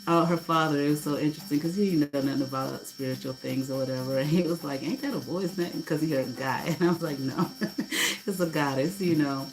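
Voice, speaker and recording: A middle-aged woman telling a personal story in a casual way, animated, swearing freely and acting out what people said. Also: low voice, brisk, a little hiss or hum, poor audio. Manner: animated, swearing, laughing, acts out quotes. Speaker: host.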